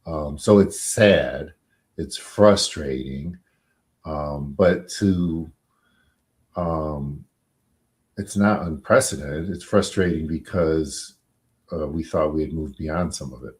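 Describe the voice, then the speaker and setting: Man, very low voice, lawyer, interview guest, measured, hesitant, many fillers. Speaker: guest defense attorney. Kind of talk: interview answers.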